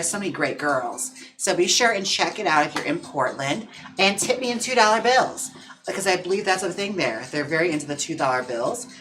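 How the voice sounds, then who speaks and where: Campy, chatty drag queen, bright voice. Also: on the high side. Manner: chatty, campy, playful asides to viewers. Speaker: drag queen livestream host. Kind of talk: casual livestream chat. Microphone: own mic.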